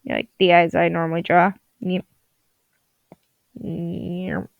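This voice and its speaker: Slow and creaky, a fairly low female voice with little pitch movement belongs to a tired young digital artist vlogger. She rambles and giggles to herself while drawing at home at night, groggy. Her dull lo-fi home mic picks up no echo.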